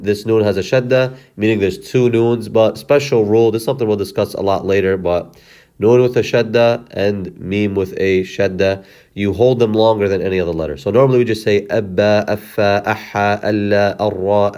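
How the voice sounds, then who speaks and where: Speaking on the low side with a smooth, mellow quality, a man teaches reading in careful steps. He splits words into syllables, says them again slowly, and corrects himself apologetically.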